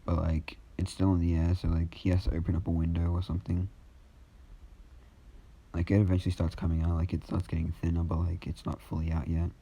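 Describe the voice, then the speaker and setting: Gravelly low-voiced man telling a story. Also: completely flat delivery, a little fast, warm tone. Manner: rambling, many fillers. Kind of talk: casual improvised fan-fiction storytelling.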